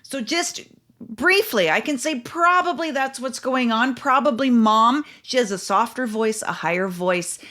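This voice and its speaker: A woman's voice: on the high side, animated, unhurried, sharp tone. A middle-aged woman, a parenting coach and podcast host, gives casual advice and explains through anecdotes and numbered steps.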